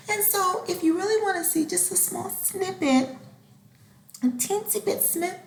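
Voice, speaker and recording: A woman hosting a podcast in a casual, expressive monologue. She acts out conversations and sometimes slips into a whisper. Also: high-pitched, vocal fry. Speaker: podcast host. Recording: roomy echo.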